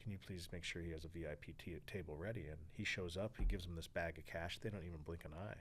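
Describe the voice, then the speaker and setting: A deep-voiced man in his forties from California talks fast with fairly even intonation as a podcast guest in a storytelling interview. He tells his story energetically, acting out other people's lines and swearing freely, with slight background noise.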